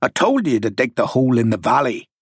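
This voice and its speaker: A man doing a burly Irish soldier, gruff. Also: mid-range voice, very animated, brisk, dry recording, clean studio sound, full character voice.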